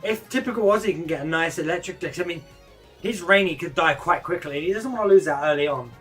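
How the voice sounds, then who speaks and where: A man co-commentating a game tournament live, laid-back with occasional bursts of excitement. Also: a little high, quick pace, soft background music.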